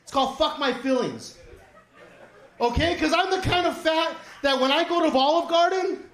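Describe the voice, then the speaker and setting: Profane high-voiced man doing stand-up. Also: normal speed, fairly bright tone, reverberant. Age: 40s. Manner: profane, rambling, acts out quoted voices. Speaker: stand-up comedian. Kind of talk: stand-up set. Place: small comedy studio stage.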